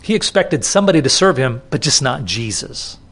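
A man's voice: mid-range voice, very animated, fairly quick, fairly bright tone, husky. Conversational man preaching a sermon. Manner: conversational, repeats words for emphasis. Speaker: pastor. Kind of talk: expository sermon.

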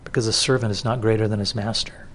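A man's voice: lowish voice, steady tone, quick pace, fairly bright tone, slight background noise. A man preaching an expository sermon in a conversational way, often restarting and repeating words for emphasis. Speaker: pastor.

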